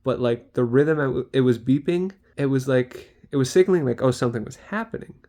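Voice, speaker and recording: A man's voice: medium pitch, a little fast, dark tone. Chatty young man vlogging his day. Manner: chatty, rambling, mimics sounds and voices. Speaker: care worker student. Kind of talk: casual vlog diary.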